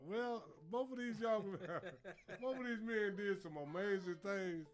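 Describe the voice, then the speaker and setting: High-voiced teasing radio co-host. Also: male voice, steady tone, a little slow. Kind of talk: casual radio banter.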